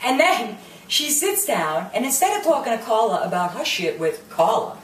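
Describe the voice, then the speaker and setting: A woman with a slightly high voice and big pitch swings rants at normal speed through a reality-show review, brash and profane, dropping Italian curses and mocking the cast. She's on a distant mic in an echoey room, slightly off-mic, with faint ambience and slight background noise.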